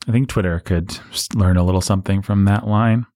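A man's voice: low voice, fairly even intonation, a little fast, warm tone, no echo, studio quality. A man co-hosting a casual movie discussion, wry and sarcastic, often laughing as he talks. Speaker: podcast co-host.

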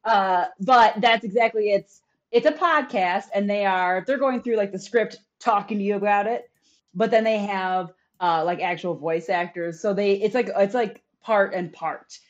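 A woman's voice: mid-range voice, moderate pace. Woman podcast cohost, chatty and giggly, bit muffled lo-fi audio. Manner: laughs often, animated storytelling. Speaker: podcast co-host. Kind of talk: casual chat.

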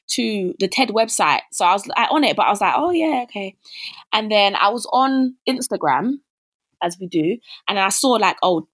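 A woman's voice: medium pitch, fairly bright tone. A young woman, a podcast guest talking casually and full of fillers, acting out her own past remarks as she tells her story. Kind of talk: casual interview chat.

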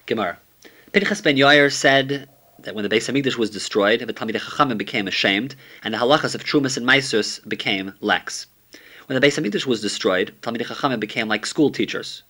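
A man's voice: mid-range voice, brisk, sharp tone. A man teaching a summary of a Talmud page, reading steadily and using many Hebrew and Aramaic terms.

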